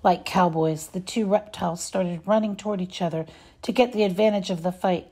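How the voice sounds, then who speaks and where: A woman reading a children's story aloud, expressive and measured. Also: medium pitch, husky. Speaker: reader.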